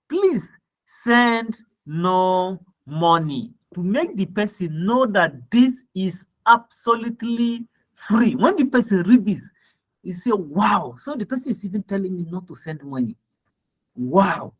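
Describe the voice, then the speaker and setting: With a high, slightly rough voice, a man with a Nigerian accent speaks at a measured, animated pace. He walks through ad copy in a screen-share lesson, reading it and breaking it down while checking in with "right?" and "okay?".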